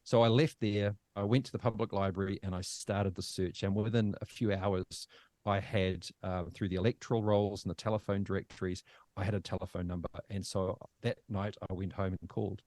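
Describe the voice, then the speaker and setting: Kiwi guy in his 50s, lowish voice, dry close sound, tells his story all halting and choked up. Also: steady tone, a little mellow, no room sound. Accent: New Zealand. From New Zealand. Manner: halting, emotional, many restarts. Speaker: podcast guest. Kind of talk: personal storytelling.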